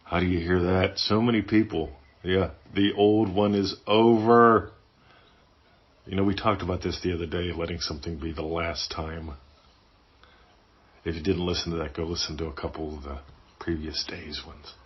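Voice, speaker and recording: A man's voice: low-pitched, fairly even intonation, normal speed. A man hosting a podcast, teaching in a casual, playful way and acting out little inner voices. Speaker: podcast host. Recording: dull lo-fi sound.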